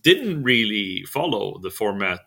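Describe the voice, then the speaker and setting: A man co-hosting a casual podcast chat about wrestling, talking in halting bursts with many fillers and restarts, chuckling now and then. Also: on the low side, big pitch swings, creaky, pushed and bright. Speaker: podcast co-host.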